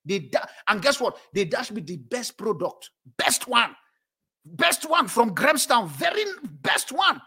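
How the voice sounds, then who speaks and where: A man preaching a sermon as pastor, animated and often breaking into laughter between phrases. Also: extremely high pitch, a little slow, breathy edge. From moved to South Africa as an adult.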